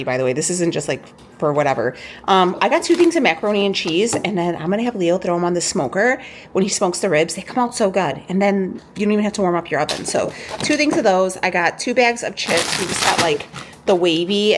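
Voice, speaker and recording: A woman's voice: medium pitch, noisy background. A woman vlogging casually, showing a shopping haul and ranting in a chatty way with lots of "okay?" asides. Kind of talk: casual chat.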